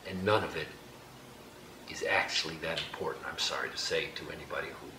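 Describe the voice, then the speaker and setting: A man leading a group exercise in a hall, giving slow, gentle instructions with light laughter. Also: a bass voice. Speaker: workshop leader. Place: hall with an audience. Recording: echoey room, background noise.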